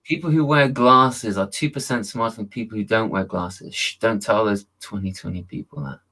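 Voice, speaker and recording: A man's voice: on the low side, moderate pace, pushed and bright, poor audio. A British man hosting a casual video chat, joking and laughing often. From Britain. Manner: chatty, jokey, laughs often. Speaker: host.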